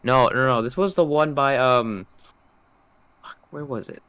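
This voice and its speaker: A young man in casual podcast chat, hesitant and halting as he searches for words. His voice is mid-pitched and recorded close and dry, with no room sound. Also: sharp tone, smooth, no echo. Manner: hesitant, trails off and restarts. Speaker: podcast co-host.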